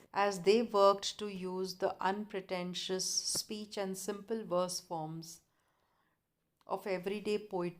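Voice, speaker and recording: Lady lecturer reading notes out slow, careful, fixes her own slips. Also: medium pitch, darkish tone. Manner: measured, deliberate reading with occasional self-corrections. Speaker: college lecturer.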